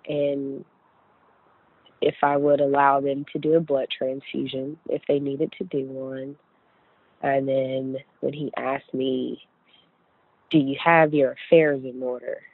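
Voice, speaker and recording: A woman's voice: very deep voice, vocal fry, husky, dry recording. A young woman from West Virginia telling her own story in a chatty, earnest way, full of "like" and "you know". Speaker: guest sharing her story. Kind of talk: casual personal storytelling. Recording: tinny phone-like dry line.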